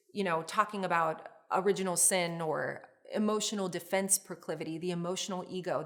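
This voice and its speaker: A middle-aged woman with a somewhat low voice teaches a course on relationships. She explains each idea in an earnest way. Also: a bit bright. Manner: earnest, explanatory, with acted example phrases. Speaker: licensed therapist teaching a course. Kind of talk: instructional video lecture.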